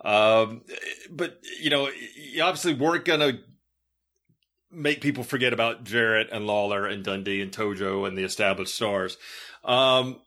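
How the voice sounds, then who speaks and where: A middle-aged man hosting a podcast, telling road stories in a loose, animated way, with a lot of restarts and laughter. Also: fairly low pitch, moderate pace. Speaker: podcast host. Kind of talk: casual interview storytelling.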